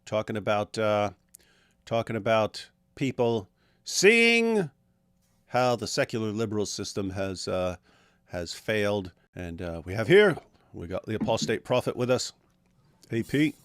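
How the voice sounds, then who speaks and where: A man hosting a live stream, reading out viewer comments in a jokey, animated way. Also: fairly low pitch, measured pace, no room sound, clean studio sound. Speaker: host.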